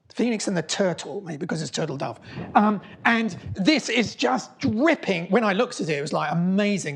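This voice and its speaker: A middle-aged man gives a public talk in a lecture hall. He speaks with eager enthusiasm, often stumbling and restarting as he builds up each story. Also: high-pitched. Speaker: mathematician giving a public talk. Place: lecture hall before an audience.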